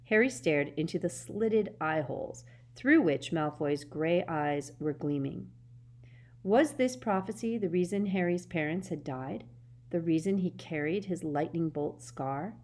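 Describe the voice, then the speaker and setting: Woman audiobook narrator, lowish voice, steady and expressive. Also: measured pace.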